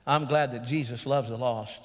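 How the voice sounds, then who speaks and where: A man's voice: mid-range voice, steady tone, normal speed. A man, a pastor preaching an earnest sermon and calling out to the congregation. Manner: earnest preaching with calls of "Amen?". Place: church sanctuary. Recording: long church reverb.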